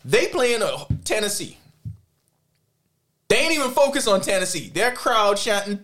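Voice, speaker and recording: A man's voice: high voice, sing-song, normal speed, pauses often, a bit bright, slight background noise. A man hosting a casual sports chat, ranting heatedly and profanely as a loyal fan. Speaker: podcast host.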